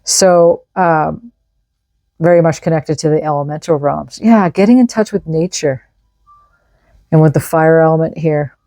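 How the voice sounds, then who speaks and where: A woman's voice: deep voice, unhurried, warm tone, no echo. A woman giving an enthusiastic, casual tarot reading, reading out card messages and explaining them. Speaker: tarot reader.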